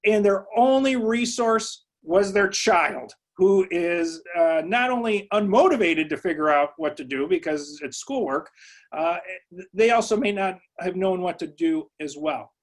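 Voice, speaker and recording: Guy teaching a webinar, kinda high voice, says uh a lot, chatty. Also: lively intonation, unhurried. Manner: conversational, with frequent uh and um fillers; tells stories from his own early work. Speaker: psychology professor. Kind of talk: webinar lecture to educators.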